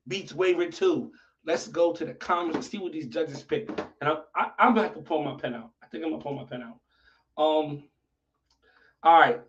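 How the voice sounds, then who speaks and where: Guy w/ a high voice hosting a stream, swears a lot, aave, sounds far from a muffled mic. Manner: profane, animated, talks to viewers. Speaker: livestream host. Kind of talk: casual livestream commentary. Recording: dull lo-fi audio from off-mic.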